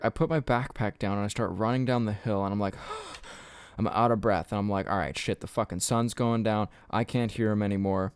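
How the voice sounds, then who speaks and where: Young male podcaster, rambling storyteller, swears a lot, smooth low voice, dry close sound. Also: a little mellow, no echo. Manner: casual, rambling, swears often, laughs at own story. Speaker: podcast host.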